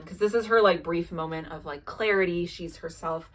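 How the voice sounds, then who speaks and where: A young woman recapping a TV show in an off-the-cuff, conversational way. She swears freely and fills her talk with "like" and "um". Her voice sits a little low. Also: fairly quick, fairly bright tone. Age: young adult. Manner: casual and profane, lots of "like" and "um", quotes characters in an offhand way. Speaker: video essayist recapping a TV show. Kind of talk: casual chatty recap.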